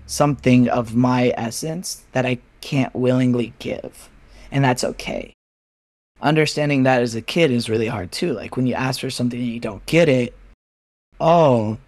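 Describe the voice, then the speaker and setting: A man talking openly as a podcast guest, frank and animated, with occasional swearing. He slips into other people's voices when retelling a story. His voice sounds dry and close, with no room echo. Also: mid-range voice. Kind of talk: candid casual chat.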